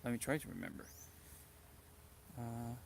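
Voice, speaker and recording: A man's voice: mid-range voice, measured pace, creaky, slight background noise. A man from Brazil with a Brazilian Portuguese accent, talking in a rambling, earnest personal vlog, full of "like" fillers. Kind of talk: reflective personal vlog monologue.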